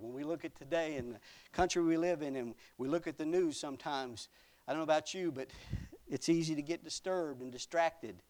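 A man preaching a sermon, reading old scripture aloud and adding folksy asides, dropping to a near whisper at times. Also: on the high side. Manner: dramatic swings from loud to near whisper; folksy asides with small laughs.

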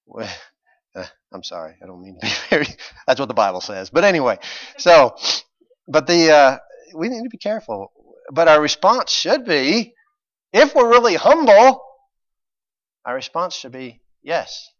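Man preaching a sermon, quiet to emphatic. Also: fairly high pitch, big pitch swings, moderate pace, pauses often, no room sound, muffled recording. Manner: swings from quiet asides to loud emphatic preaching.

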